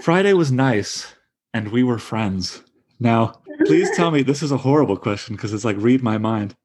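A man's voice: medium pitch, normal speed, darkish tone. A man in his thirties leading a casual literary discussion, enthusiastic and stumbling over restarts. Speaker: discussion leader.

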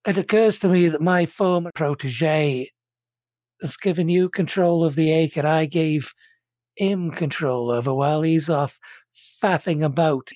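A game master voicing an older male crime boss who speaks in a measured, formal and courteous way. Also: medium pitch, darkish tone, no room sound, lightly acted. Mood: businesslike.

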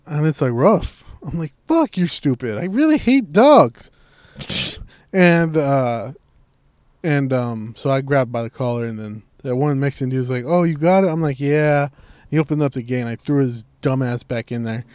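A man's voice: medium pitch, moderate pace, smooth, no room sound. A young man in casual chat, telling a story with lots of swearing and acting out what people said. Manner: profane, animated storytelling, voices quoted people.

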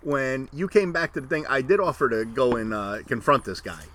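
A man's voice: medium pitch, normal speed, a bit bright. A man in casual chat, chiming in, filling in details and defending himself.

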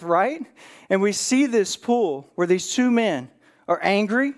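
A man's voice: high voice, a little slow. A man preaching as a pastor in a church, retelling a Bible story and acting out the characters' lines with a rising voice. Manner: animated, acts out quotes with rising voice, fillers like "right?".

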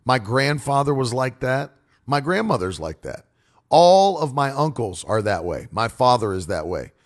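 A man who preaches and broadcasts, talking casually to his audience in a forceful, demonstrative, animated way. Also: mid-range voice, normal speed. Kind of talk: casual monologue.

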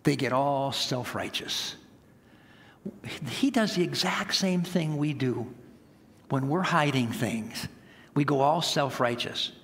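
A man's voice: medium pitch, slow, fairly bright tone, in a large hall. A man preaching a sermon as pastor, telling stories in an earnest, emphatic way.

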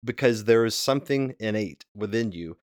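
A man's voice: lowish voice, animated, moderate pace, no room sound. Hedging male podcast co-host, dry sound. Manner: hedging, with many fillers and restarts. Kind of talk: casual discussion.

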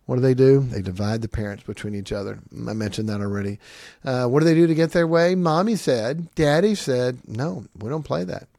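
A middle-aged man preaching about parenting, emphatic and acting out quick exchanges between kids and parents. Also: medium pitch, creaky, darkish tone, no echo, clean studio sound. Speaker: family advice speaker.

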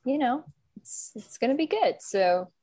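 A woman's voice: sits high, expressive, a little slow, dark tone, slightly rough. Cheerful young woman hosting a podcast. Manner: cheerful, laughs often, playful. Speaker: podcast host. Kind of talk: casual chat.

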